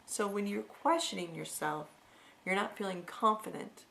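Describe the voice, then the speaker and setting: Sharing her personal experience as a vlogger, a middle-aged woman reflects earnestly on her past and keeps restarting sentences as she talks candidly. She speaks at normal speed in a mid-range, slightly bright voice with vocal fry, over slight background noise.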